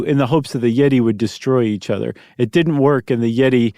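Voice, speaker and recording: A man's voice: mid-range voice, fairly quick, mellow, no room sound. A man co-hosting a podcast in casual chat, telling stories with wry, dry humor. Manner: wry, dry humor, explains things in a storytelling way. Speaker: podcast co-host.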